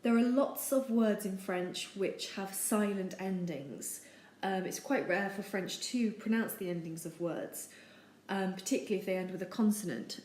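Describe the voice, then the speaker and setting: A woman teaching over slides, with a steady, patient delivery and frequent ums. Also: medium pitch. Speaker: French teacher. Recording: echoey room with faint noise.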